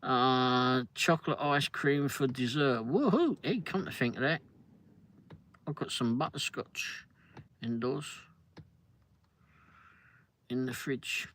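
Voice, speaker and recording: Man with a london accent, middle-aged, casual livestream chat, rambling, jokey, mid pitch. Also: steady tone, slow pace, pauses often, a bit bright, slight background noise. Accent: London English. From London, England. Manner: chatty, rambling, jokey, answers chat comments. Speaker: livestream host.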